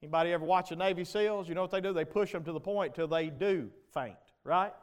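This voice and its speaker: A man preaching a sermon in a notably high voice. He keeps putting questions to his listeners and swings from low, quiet stretches up to loud, emphatic ones. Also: fast. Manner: preaching with rhetorical questions to the congregation, rising to shouts. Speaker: pastor.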